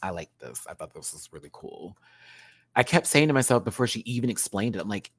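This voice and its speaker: A man in his thirties chatting casually as a reviewer, spinning stories from school and the stage. He swears freely and breaks into laughter, his voice jumping between low asides and high yelps. The sound is dry and close. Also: a little fast, slightly rough, no echo. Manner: animated storytelling, swears freely, bursts into laughter and squeals. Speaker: drag show reviewer. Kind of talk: casual reaction chat.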